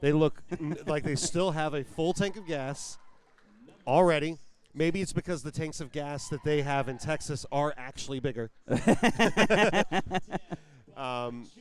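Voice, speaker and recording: A man's voice: a little high, clear, resonant tone. Jokey male roller derby commentator. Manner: jokey, laughs often, reads roster numbers. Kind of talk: live sports commentary.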